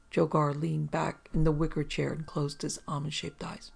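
An audiobook narrator reading a detective story in a steady storytelling manner. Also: medium pitch, moderate pace, gravelly, breathy edge. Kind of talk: scripted narration.

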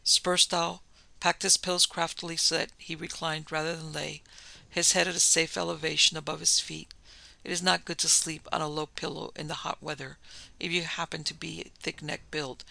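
A man narrating a classic story for an audiobook in a measured, descriptive way. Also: fairly high pitch, vocal fry, bright, forceful tone, dry recording, poor audio.

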